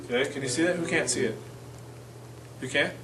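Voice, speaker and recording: A man's voice: on the high side, fairly quick, crowd noise. Casual man teaching a class, distant mic. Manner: casual, self-correcting, repeats phrases for the class. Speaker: church Spanish class teacher. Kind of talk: informal classroom lesson. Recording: distant mic with faint room noise.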